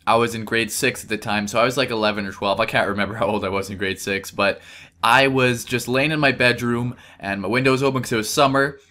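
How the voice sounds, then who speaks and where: Chatty young man with a bright voice. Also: medium pitch, quick pace. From Canada. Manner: rambling, chatty, self-correcting. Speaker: gameplay commentator. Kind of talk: casual storytelling over gameplay.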